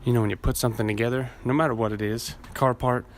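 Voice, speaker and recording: A man's voice: medium pitch, fairly even intonation, quick pace, slight background noise. Rambling, profane man on a solo podcast. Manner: profane, rambling, laughs at himself. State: hot and sweaty. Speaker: podcast host. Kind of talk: casual solo podcast rant.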